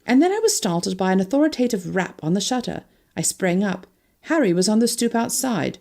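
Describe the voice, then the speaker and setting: A woman narrating an audiobook in an expressive storytelling manner. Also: mid-range voice, brisk, vocal fry.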